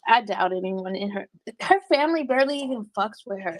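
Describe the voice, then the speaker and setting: A woman livestreaming and reading her chat, talking bluntly with lots of cursing and quick laughs. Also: mid-range voice, lively intonation, no room sound. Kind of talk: casual livestream commentary.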